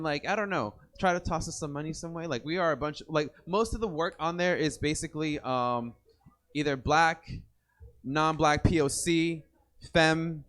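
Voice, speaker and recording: A man's voice: on the high side, fairly bright tone. Laid-back Bay man hosting a poetry slam. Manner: loose, rambling, joking, hypes the crowd. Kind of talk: casual emcee banter to a live crowd. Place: indoor poetry venue with audience.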